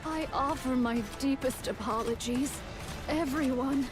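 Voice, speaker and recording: A woman's voice: sits high, measured pace. A woman voicing a solemn young female swordswoman in a video game, speaking in formal, old-fashioned phrasing over game music.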